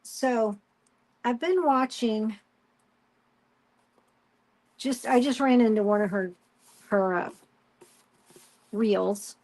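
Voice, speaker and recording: A woman's voice: fairly high pitch, drawn-out words, pauses often. A woman hosting a crafting live stream, chatting casually and telling stories while she works. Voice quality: chatty storyteller, animated retelling with quoted voices.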